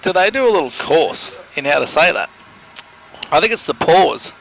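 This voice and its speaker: A man's voice: on the high side, normal speed, vocal fry, a little hiss or hum, rough recording. A man chatting casually and joking while co-piloting a flight sim. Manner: relaxed, joking, easily laughing. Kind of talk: casual chat.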